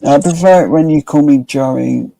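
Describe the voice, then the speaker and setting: A man drawls through casual stream chat, slow and unhurried, often trailing off. His voice is gravelly and dark, almost flat in pitch, and the sound is dry and close. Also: no room sound, low-quality recording. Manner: slow, laid-back, trailing off.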